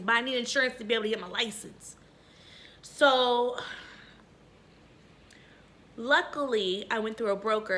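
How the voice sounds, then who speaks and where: A young woman with a medium-pitched, bright, sharp voice tells a personal story casually during an eating video, with a faint hiss or hum in the audio. Blunt and profane, she relies on filler phrases, sounding candid and unpolished, like a vlogger addressing her viewers.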